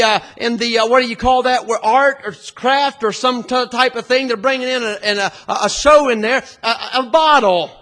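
A preacher giving a folksy, storytelling sermon that rises to fiery shouting. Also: male voice, very high-pitched.

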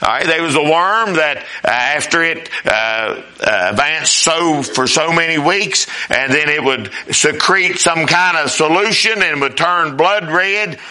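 A man's voice: fairly high pitch, unhurried, few pauses, sharp tone. A man preaching a sermon as pastor, emphatic, rising and dropping with repeated phrases.

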